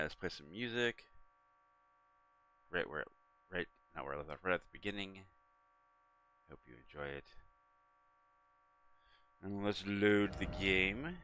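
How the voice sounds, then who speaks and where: Low-voiced, bright male streamer, chatting. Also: smooth. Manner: relaxed, rambling, talks to chat and his cat. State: yawning, tired. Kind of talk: casual live-stream chat.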